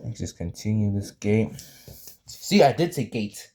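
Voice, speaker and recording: A young man talks through a drawing tutorial in a relaxed, meandering way, with lots of ums and self-corrections. His voice sits a little low, with a warm, mellow tone. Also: a little slow. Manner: rambling, apologetic, many fillers and restarts. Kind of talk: casual drawing tutorial chat.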